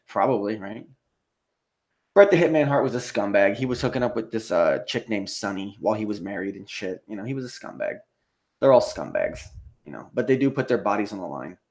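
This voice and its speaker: A man's voice: on the low side, expressive, brisk, darkish tone. An American man hosting a live stream, reading out viewer comments and reacting in profane, rambling casual talk, with frequent laughter. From United States.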